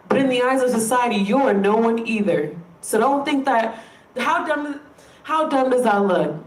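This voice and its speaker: A woman with a slightly high, animated voice rants to her viewers at a moderate pace, frustrated and emphatic, swearing freely as she makes her case on camera. Roomy acoustics suggest she's distant from the mic.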